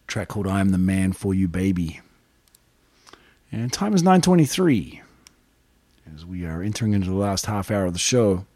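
A man from New Zealand hosts a record show with loose, chatty patter between songs. His voice sits low, and the sound is dry and close with no room around it. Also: normal speed, long pauses, no room sound. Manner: relaxed, rambling, chatty. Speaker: radio DJ.

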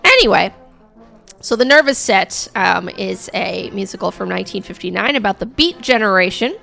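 A woman's voice: mid-range voice, lively intonation, normal speed, vocal fry, pushed and bright, soft background music. A woman radio host with a scratchy, coughing voice, back-announcing songs in a rambling, chatty way full of fillers.

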